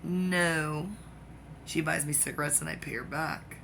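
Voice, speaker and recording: A speaker delivering a rambling comic monologue that jumps between topics, with excitable outbursts and sudden drops into whispers. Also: medium pitch, measured pace, vocal fry, noisy background.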